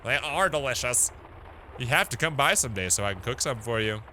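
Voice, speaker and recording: A man's voice: mid-range voice, animated, a little fast, pushed and bright, slight background noise. A man voicing a friendly, food-loving male innkeeper in a video game. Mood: hearty.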